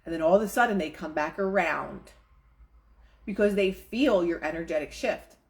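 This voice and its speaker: A woman with a slightly low voice reads passages aloud from a self-help book. She keeps stopping to talk them over in a loose, chatty way and acts out little quoted thoughts along the way. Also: normal speed. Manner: casual, conversational asides with quoted inner voices. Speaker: manifestation coach. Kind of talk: reading a book aloud and commenting.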